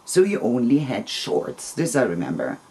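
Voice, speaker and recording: Man telling a story at an even pitch. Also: normal speed, husky. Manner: rambling and gentle, with soft laughs between phrases. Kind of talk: casual spoken personal story.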